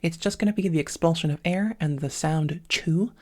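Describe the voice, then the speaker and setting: A woman teaching a voice lesson, with a thin, slightly smoky voice and a touch of vocal fry, talking methodically through each step. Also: low voice, moderate pace, a little mellow. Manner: methodical, breaking sounds into parts, with many "um"s. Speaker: voice training coach. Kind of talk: instructional voice lesson.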